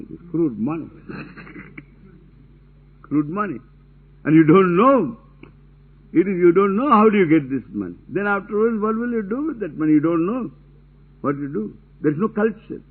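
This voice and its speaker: A man's voice: medium pitch, slightly rough. A man giving a religious discourse, talking emphatically and repeating his key phrases with casual asides. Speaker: spiritual teacher. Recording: tinny narrow-band lo-fi recording.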